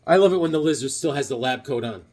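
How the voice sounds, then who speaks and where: Excitable man gushing over comics. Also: mid-range voice, fast. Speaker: comic collector vlogger. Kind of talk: casual unboxing chat.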